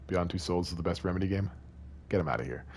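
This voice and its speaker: A man with a low, slightly rough voice speaks fast while streaming a game. He chats playfully with viewers in a casual way, rambling between lines of game text that he reads aloud.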